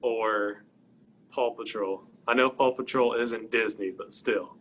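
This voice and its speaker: A man's voice: lowish voice, fairly even intonation, slow, fairly bright tone, poor audio. A young man in casual group chat, laid-back and a little hesitant.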